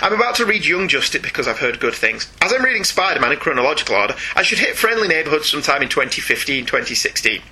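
A man's voice: a little high, big pitch swings, quick pace, few pauses, pushed and bright, breathy edge, low-quality recording. A man co-hosting a casual chat show, reading listener mail aloud with a playful, laughing manner. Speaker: podcast co-host reading listener email.

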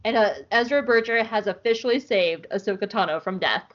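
A woman podcast host recapping an episode in casual chat, with an animated, playful storytelling manner. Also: fairly high pitch, a little fast, lo-fi sound.

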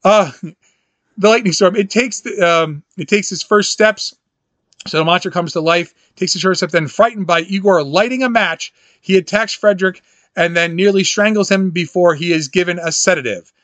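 Man, podcast host, high voice, dry sound, animated casual recap, laughs often. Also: moderate pace, no echo. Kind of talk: casual film recap chat.

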